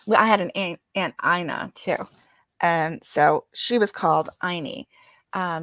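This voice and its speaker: Slow, chatty woman livestream host. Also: fairly low pitch, steady tone, a bit bright, no echo, clean studio sound. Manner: chatty, reads comments aloud and greets viewers by name. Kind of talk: casual chat reading viewer comments.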